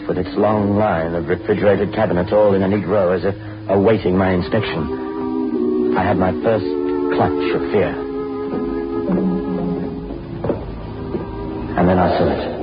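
An actor playing an eager young crime reporter who narrates the story, earnest and prone to stammered restarts, in an old-time radio drama. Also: male voice, low voice, moderate pace, close to an everyday voice. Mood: tense. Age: young adult. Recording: dull old radio recording with music.

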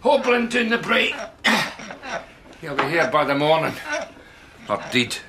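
An actor with a Scottish accent playing a dry, sardonic Highland shepherd. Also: male voice, big pitch swings, takes it slowly, background noise, exaggerated voice. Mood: wry.

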